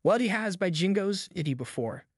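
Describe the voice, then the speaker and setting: A man's voice: high voice, expressive, moderate pace, husky, no echo, clean studio sound, voice pushed up, exaggerated voice. A man voicing two frightened backwoods boys who whisper in a rustic drawl. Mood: scared whisper. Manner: rustic dialect drawl, hushed and fearful.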